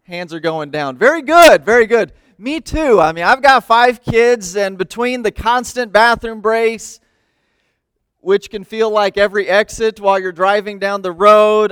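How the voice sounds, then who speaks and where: A man in his thirties, a missionary preacher telling a lively story in a sermon and acting out the voices in it. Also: sits high, measured pace, clean tone, dry recording. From United States. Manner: animated, acts out voices in his stories.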